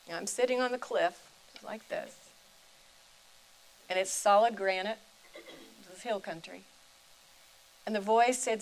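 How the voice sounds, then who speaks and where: An older woman, a retired chaplain and preacher, telling a personal faith story in a deliberate, reflective way. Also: medium pitch, low-quality recording.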